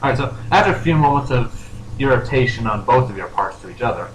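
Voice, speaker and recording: A man's voice: mid-range voice, lively intonation, quick pace. A man running a tabletop role-play game as game master, narrating casually with rambling fillers, in an echoey room with faint noise.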